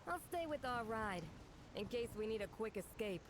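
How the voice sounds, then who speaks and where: An actress playing a brisk, matter-of-fact female companion in a video game. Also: on the high side, expressive, slight background noise, lightly acted. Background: loud game music.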